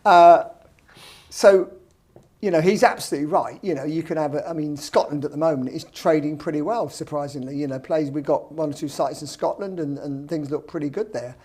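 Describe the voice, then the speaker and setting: Blunt British male developer, slightly raised pitch, anecdotal and wry. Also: brisk, a little mellow, slightly rough. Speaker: property developer guest. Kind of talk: casual podcast chat.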